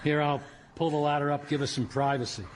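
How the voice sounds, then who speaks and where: A man's voice: on the high side, little pitch movement, fairly quick, heavy background noise, natural voice. An actor playing a heartbroken older man in a radio comedy, with hammy mock film-noir romance. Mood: wounded.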